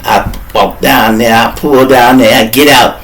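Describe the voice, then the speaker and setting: A man, the host of a podcast, tells a story in an animated, profane, slangy way. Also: medium pitch, unhurried, rough recording.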